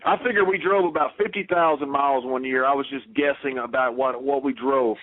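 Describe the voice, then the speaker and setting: A man's voice: medium pitch, brisk. A man with a Southern US accent, a guest telling stories bluntly in a casual interview. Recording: tinny phone line.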